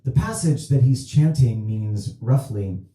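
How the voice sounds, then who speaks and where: An actor playing an awkward male horror writer doing stand-up, telling a joke in a halting, deadpan way on a small theatre stage. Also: mid-range voice, close to an everyday voice. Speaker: stand-up comedian. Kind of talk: stage play, stand-up routine. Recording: echoey theatre room.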